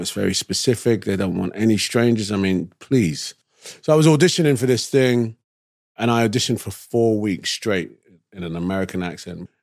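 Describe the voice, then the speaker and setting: A man with a London English accent, a guest telling relaxed anecdotes in an interview with slangy asides. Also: lowish voice, no echo, clean studio sound. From England. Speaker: actor guest. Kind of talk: casual interview storytelling.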